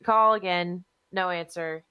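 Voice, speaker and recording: A woman's voice: fairly low pitch, fairly even intonation, measured pace, clean tone, dull audio. Profane woman telling a story. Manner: profane, exasperated storyteller, repeats herself. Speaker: podcast co-host. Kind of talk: casual chat, storytelling.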